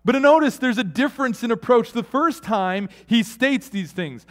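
A man's voice: very high voice, expressive, normal speed, few pauses, long reverb tail. Man preaching with sweeping dynamics. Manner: dynamic, swings from loud emphasis to hushed near-whisper; conversational with fillers and asides. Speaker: pastor. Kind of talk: sermon.

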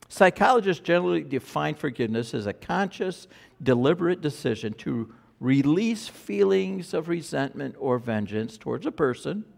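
A man's voice: a little high, gravelly. A male pastor preaching a sermon, telling stories with frequent stammered restarts.

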